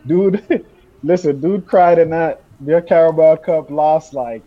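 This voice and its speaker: A man co-hosting a soccer podcast, trash-talking in an animated, slangy way and calling people "bro". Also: fairly high pitch, slow pace. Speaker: podcast co-host. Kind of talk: casual soccer banter. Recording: dull lo-fi sound.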